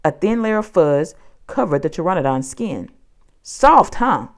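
Low, lively woman reading a storybook. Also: moderate pace. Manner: expressive, storytelling delivery. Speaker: narrator. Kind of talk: children's audiobook reading.

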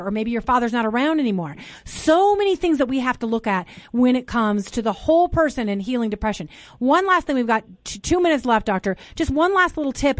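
Fast-talking woman radio host, dry studio sound. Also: high voice, no echo. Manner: fast, warm-hearted, talks over herself. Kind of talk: call-in radio talk show.

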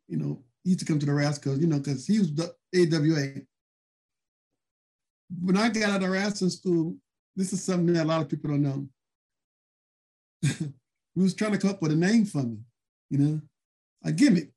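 A man guest in a casual interview, telling old stories in a rambling way full of fillers. His voice is mellow and sits a bit high for a man. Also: normal speed, long pauses. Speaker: guest, former wrestler.

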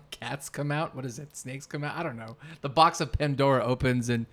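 A man's voice: mid-range voice, normal speed, a bit bright. A man co-hosting a podcast in casual chat, rambling and searching for his words mid-sentence. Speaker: podcast co-host.

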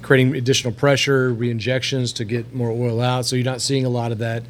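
A man's voice: medium pitch, little pitch movement, brisk, a little hiss or hum. A man co-hosting a podcast, asking questions in casual chat. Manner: asks questions, brief agreeing replies. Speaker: podcast co-host.

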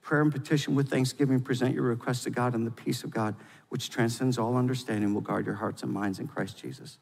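A man preaching a sermon as pastor, swinging between loud, fervent exhortation and quiet, intimate confession. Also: mid-range voice, steady tone, brisk, gravelly, big-room sound.

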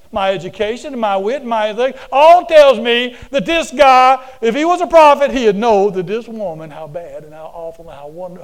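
Smug bragging scholar type, fairly high voice, as a preacher puts him on. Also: male voice, warm tone, clear, resonant tone. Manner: bragging, self-satisfied. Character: boastful proud male religious scholar.

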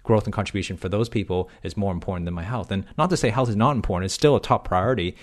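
A man's voice: lowish voice, very fast. A man co-hosting a podcast, chatting casually with frequent restarts and fillers. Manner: rambling, many restarts and fillers. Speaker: podcast co-host, health professional.

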